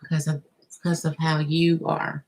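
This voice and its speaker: A tarot reader with a low, vocal-fried female voice speaks at normal speed in a very noisy recording. Giving a live reading, she addresses the viewer directly, thinks aloud, and reacts expressively with gasps and laughs as the cards turn up.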